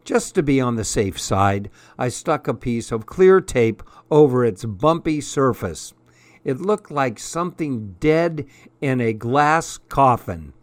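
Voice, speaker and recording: A man reads a first-person story aloud in a measured, expressive narrating voice. He takes a slow, unhurried pace, and his voice sits at a middle pitch. The recording is close and dry, with no room sound. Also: no echo. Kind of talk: audiobook narration.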